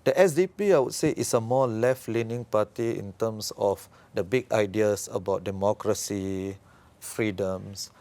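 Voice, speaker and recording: A man, an expert guest explaining politics in a measured, analytical way with frequent fillers. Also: on the low side, a little mellow. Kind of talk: explanatory interview talk.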